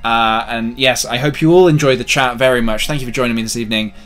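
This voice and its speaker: A man's voice: medium pitch, steady tone, fast, a bit bright. A young man hosting a live drawing stream, chatting with viewers in a rambling, self-mocking way. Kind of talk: casual live-stream chat while drawing.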